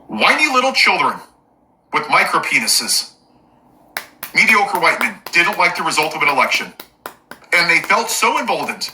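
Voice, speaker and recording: Male political commentator, angry rant, sarcastic asides, very bright tense tone, swooping animated pitch. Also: rough recording. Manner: angry, emphatic listing. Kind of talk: impassioned political rant to camera.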